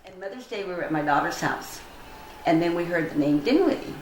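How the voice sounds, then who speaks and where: An older woman recounts a personal story with earnest, animated feeling. Her voice sits low for a woman. The room around her sounds echoey, with a faint background hiss. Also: a little fast. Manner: earnest, animated storytelling, acts out quoted dialogue. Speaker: interviewee. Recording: roomy echo, faint ambient noise.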